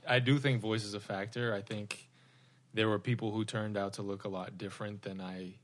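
A man speaking as a podcast guest, measured and soft-spoken. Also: on the low side, level tone, a little hiss or hum. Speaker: guest, dating show contestant. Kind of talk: casual podcast chat.

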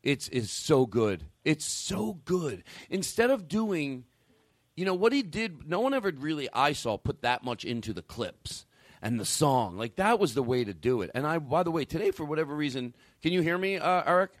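A man's voice: a little high, sing-song, normal speed, no room sound. Rambling, foul-mouthed male podcast host. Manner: rambling, profane storytelling with frequent restarts. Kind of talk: casual chat. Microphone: studio mic with a caller on the line.

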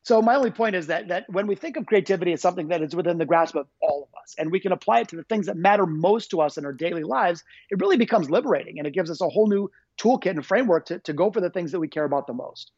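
A man's voice: high-pitched, lively intonation, racing, few pauses, darkish tone, breathy edge, no room sound, muffled recording. A man being interviewed as an author, talking in an upbeat, enthusiastic way. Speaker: guest author. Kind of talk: energetic interview talk.

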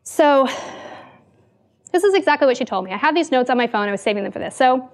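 A woman's voice: high voice, fast. A woman giving a talk to an audience, telling a workplace story and acting out the people in it. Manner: animated storyteller, acts out quoted lines.

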